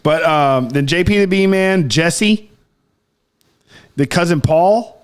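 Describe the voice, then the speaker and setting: Rambling young man, slightly high voice. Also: slow pace, clear, resonant tone. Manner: rambling, lots of "like" and quoted asides. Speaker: podcast co-host. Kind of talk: casual chat.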